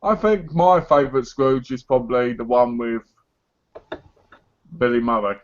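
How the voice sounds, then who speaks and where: A man's voice: medium pitch, measured pace, lo-fi sound. An English man co-hosting a casual live chat, blunt, sweary and mock-boastful. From England. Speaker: co-host. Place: living in America.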